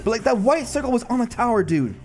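A man giving live commentary over his own mobile game matches, casual and excitable, often breaking into loud disbelieving shouts. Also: very high-pitched, quick pace, faint music behind. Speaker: gaming channel host.

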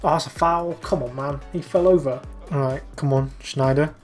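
A man's voice: fairly high pitch, fairly even intonation, moderate pace, faint music behind. A young man commentating live over a football video game, exasperated and urging his players on. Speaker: gaming YouTuber.

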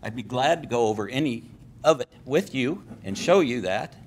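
A man's voice: mid-range voice, lively intonation, moderate pace, slight background noise. An older man speaking as a public commenter at a city council meeting, aggrieved and emotional. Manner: aggrieved, grows agitated and emotional.

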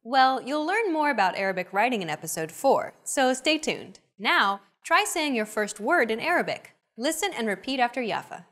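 A woman's voice: a little high, very animated, normal speed, hardly any pauses. A woman hosting a language lesson, reading a scripted explanation and cheering learners on with short prompts. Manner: bright, encouraging teacher prompts.

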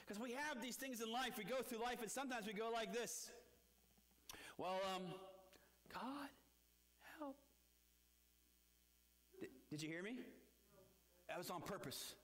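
A man's voice: sits high, lively intonation, fairly quick, a bit bright. A man preaching a sermon, emphatic, with many rhetorical questions and rising and falling delivery. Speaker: pastor. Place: church sanctuary. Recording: long church reverb.

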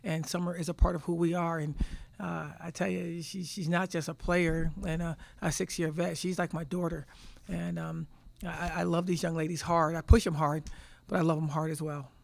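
A woman's voice: on the low side, flat delivery, normal speed, gravelly. A woman in her fifties, a head basketball coach answering press conference questions, telling stories emphatically and repeating words as she thinks.

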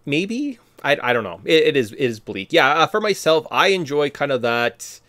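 A man co-hosting a podcast, talking about a movie in a casual, animated way, with emphatic bursts. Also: fairly high pitch, normal speed, no echo. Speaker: podcast co-host.

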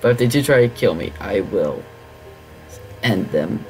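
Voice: sits low, animated, a little slow, a little mellow, faint music behind. A gaming channel host giving gameplay commentary, reacting dramatically to the game and talking to its characters.

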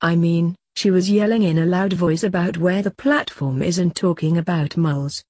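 A woman's voice: lowish voice, fairly even intonation, normal speed, warm tone, close to an everyday voice. A woman voicing an uneasy, guarded young girl witch. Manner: uncomfortable and guarded.

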